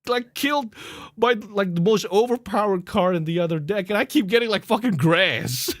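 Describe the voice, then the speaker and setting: An animated man cohosting a podcast, telling stories in a loose, profane way and breaking into laughter. His voice sits a little high and swings widely up and down. It is recorded close and dry, with no room sound. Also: normal speed, no echo. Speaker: podcast co-host. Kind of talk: casual chat, storytelling.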